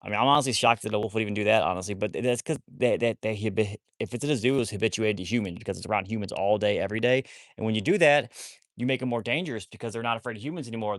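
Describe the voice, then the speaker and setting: A quick, rambling man, chatting to his livestream viewers and often restarting and repeating himself. His voice sits fairly low, and the phone recording is dry and close. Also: no room sound. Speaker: wolfdog rescue livestreamer. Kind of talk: casual livestream chat.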